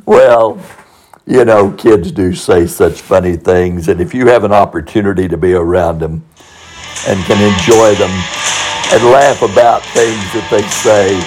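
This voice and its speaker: An older man, a former school principal, telling funny stories from his school days in a folksy, chuckling way. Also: fairly low pitch. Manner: warm anecdotal delivery, chuckling asides. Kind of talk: folksy spoken storytelling.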